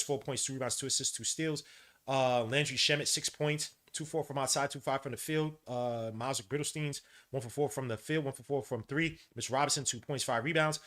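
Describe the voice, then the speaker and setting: Fired-up New man calling a game. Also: medium pitch. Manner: excitable, frustrated outbursts, slangy banter. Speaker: podcast host. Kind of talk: live watch-along play-by-play commentary.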